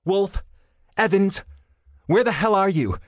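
A man voicing a brisk, commanding female federal agent in an audiobook. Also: mid-range voice, lively intonation, no room sound, studio quality, pitched above the performer's own voice, natural voice. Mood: barking urgent. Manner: barking, commanding. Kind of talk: audiobook character voice.

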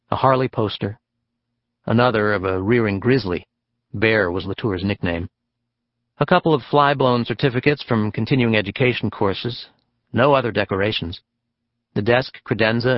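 A man narrating an audiobook in a steady, measured reading. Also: fairly low pitch, dry recording, dull audio. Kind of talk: scripted narration.

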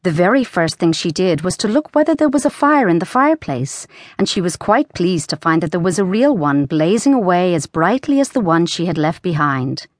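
A woman narrating a children's storybook audiobook in a lively, expressive reading. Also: lowish voice, moderate pace, hardly any pauses, dry recording, studio quality.

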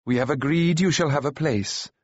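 A weathered warrior prince, read by a man, speaking with quiet, measured authority. The voice is slightly husky and the recording dull and dry. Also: fairly high pitch, dry recording, voice pushed up. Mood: calm, wise. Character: tall weathered warrior prince, calm and wise.

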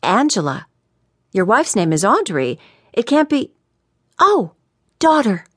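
A woman's voice: fairly high pitch, big pitch swings, takes it slowly, breathy edge, no echo, studio quality, pitched above the performer's own voice, exaggerated voice. Woman doing a brash young hacker woman. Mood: confident. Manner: brash, confident. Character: bold, cocky young woman computer whiz.

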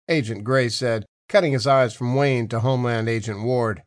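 Narrator, male, mid pitch, dry studio read, even and clear. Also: moderate pace, few pauses, no room sound. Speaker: audiobook narrator. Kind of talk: scripted narration.

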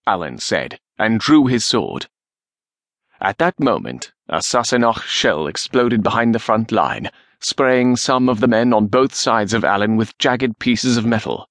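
A man narrating a historical novel in a measured, steady reading. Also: lowish voice, no room sound, clean studio sound. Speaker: audiobook narrator.

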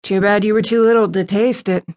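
A woman narrating an audiobook, voicing a relaxed, dry-humored young man. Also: mid-range voice, a little fast, lightly acted. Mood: easygoing. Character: wry laid-back young man, a boyfriend.

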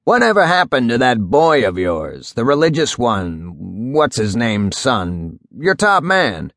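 A man voicing a very old, gloomy judge who speaks slowly and solemnly. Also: medium pitch, very animated, a bit bright, dry recording, clean studio sound, full character voice. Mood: musing. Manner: slow, ponderous, solemn. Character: very old brooding male judge, slow and gloomy.

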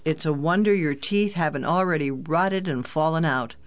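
A steady, good-humored father, as an audiobook narrator reads him, explaining things patiently and teasing his kids gently. The reading stays close to the narrator's own everyday voice in a children's adventure story. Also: medium pitch, normal speed, close to an everyday voice. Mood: fatherly. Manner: calm, fatherly, gently joking. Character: kind, teasing father, capable sailor. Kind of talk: audiobook character voice.

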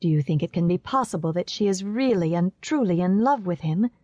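A woman voicing a gentle, affectionate young wife who speaks softly and earnestly in an audiobook. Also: lowish voice, animated, fairly quick, dry recording, muffled recording.

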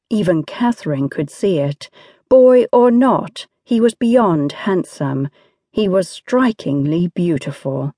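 Lady reading an audiobook, slow and expressive, very dry close mic. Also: lowish voice, dry recording. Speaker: audiobook narrator. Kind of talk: scripted narration.

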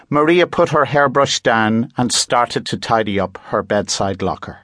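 A man reads a children's story aloud at a slow, unhurried pace in a measured storytelling manner. The sound is close and dry. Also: mid-range voice, animated, a bit bright, no echo. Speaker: audiobook narrator. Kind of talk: scripted children's book narration.

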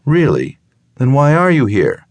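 A brisk, probing woman doctor, as a male narrator puts her on, firing off direct questions in a raised, lighter voice. She sounds clipped and matter-of-fact, with a dry, close sound to the reading. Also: mid-range voice, wildly swooping pitch, a little mellow, dry recording, voice pushed up, exaggerated voice.

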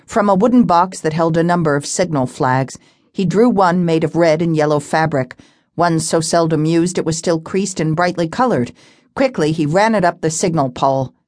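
A woman narrating a fantasy novel audiobook in a steady, measured storytelling voice. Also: sits low, no echo, clean studio sound. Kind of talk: scripted narration.

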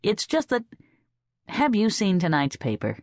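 A woman's voice: mid-range voice, huge pitch swings, unhurried, dry recording, studio quality, voice pushed up. A woman narrator voicing a weary, wry middle-aged wife who is a little cross.

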